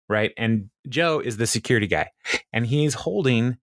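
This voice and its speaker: Low-voiced man recapping a show. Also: normal speed, a bit bright, no room sound, clean studio sound. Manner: chatty, many fillers, quotes characters with laughs. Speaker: podcast co-host recapping an episode. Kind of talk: casual chat, retelling scenes.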